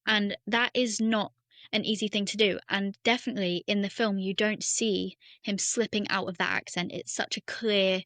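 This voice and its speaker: A woman co-hosting a podcast, explaining things in a steady, enthusiastic casual chat. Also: medium pitch, moderate pace, dry recording. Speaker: podcast co-host.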